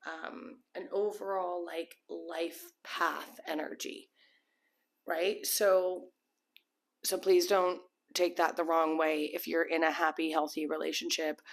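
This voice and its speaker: A woman with a slightly low voice doing a tarot reading in a loose, chatty way. She rambles, restarts her sentences and slips into little acted-out inner voices to make her point. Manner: acts out imagined people's thoughts. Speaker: tarot reader. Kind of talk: casual tarot reading to camera.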